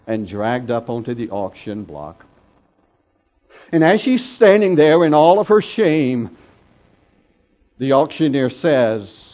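A man preaching a dramatic sermon, telling a story with swells of intensity and drops to hushed tones, in a dull lo-fi recording. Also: medium pitch. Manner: dramatic, swelling then dropping to near whispers.

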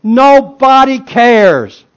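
A preacher voicing a cruel, taunting tempter voice that mocks and jeers. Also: male voice, very high voice, sing-song, very slow, smooth, voice pushed up, full character voice. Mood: mocking. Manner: jeering, loud and raised.

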